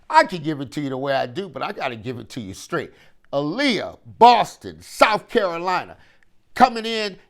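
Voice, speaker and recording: Guy hosting his own sports podcast, aave, swoops up and down a lot, preachy and fired up. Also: a little high. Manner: animated, preachy, repeats phrases, talks straight to listeners. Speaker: podcast host. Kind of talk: solo sports commentary podcast.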